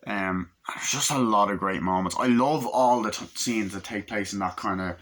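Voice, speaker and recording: A man talks through a movie review in a loose, swearing, rambling way. His voice sits fairly low but has a bright, forceful edge. He walks through one scene after another in a casual flow. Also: normal speed. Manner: profane, rambling scene-by-scene retelling.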